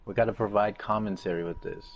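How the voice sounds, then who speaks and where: A man's voice: lowish voice, fairly even intonation, fast, lo-fi sound, a crowd in the background. A teenage boy hosting a casual podcast over a voice call, laid-back and hesitant with lots of ums. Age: teens. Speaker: podcast host.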